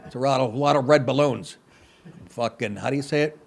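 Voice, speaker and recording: Gravelly, sarcastic comedy host. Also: male voice, mid-range voice, fairly quick. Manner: profane, sarcastic, mocking asides. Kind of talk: comedic news rant.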